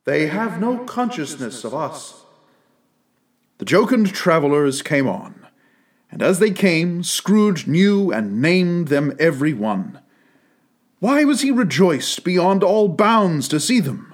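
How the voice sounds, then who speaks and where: Expressive male storybook narrator. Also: on the high side, takes it slowly. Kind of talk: storybook reading.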